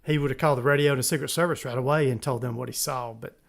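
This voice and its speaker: A man's voice: mid-range voice, fairly even intonation, racing, vocal fry. A man co-hosting a podcast, chatting casually about the news, rambling and chuckling. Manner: rambling, self-interrupting, chuckles often. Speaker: podcast co-host.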